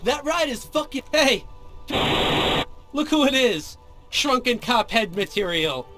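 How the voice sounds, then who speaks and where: An actor playing a mocking young male street tough in a video game, with a slow, taunting drawl. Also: very high voice, big pitch swings, full character voice. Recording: game audio under loud music.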